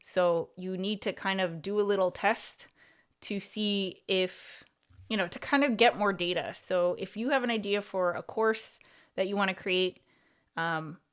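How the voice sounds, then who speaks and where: A woman's clean, mid-range voice carries a livestream where she works as a YouTube coach giving casual advice. She talks chattily, saying "like" and "you know" a lot, and she restarts her thoughts and repeats words mid-thought.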